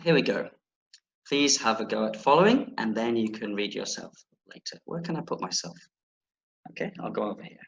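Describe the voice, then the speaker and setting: Teaching kids in an online reading class, this primary school teacher is playful and jokey, then reads a story with plenty of expression. He speaks briskly in a lowish, animated voice, and the recording is muffled and echoey.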